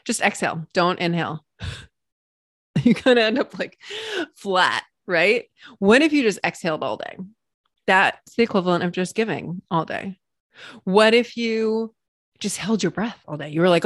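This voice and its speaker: A woman hosting a solo podcast as a coach, bubbly and animated with playful exclamations. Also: on the low side, a little slow, long pauses, dry recording, studio quality.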